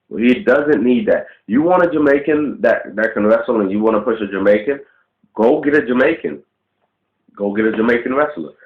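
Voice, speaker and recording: A man ranting casually to the camera, blunt and profane, firing off rhetorical questions. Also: on the low side. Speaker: vlogger. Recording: roomy, dull lo-fi webcam audio.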